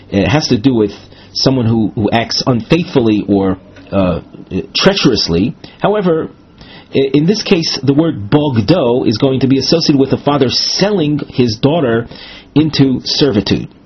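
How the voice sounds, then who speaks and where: A man teaching a Gemara lesson in a measured, explanatory way, pausing and restarting, with Ashkenazi Hebrew pronunciation of the Hebrew terms. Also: mid-range voice, breathy edge. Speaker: Talmud teacher. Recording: dull lo-fi recording.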